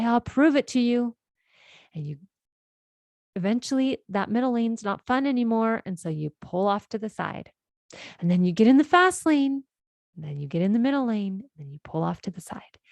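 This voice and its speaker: A woman's voice: medium pitch, expressive, brisk, gravelly, darkish tone, no echo. A woman life coach hosting a podcast, explaining ideas in an earnest, conversational monologue and often checking in with "right?".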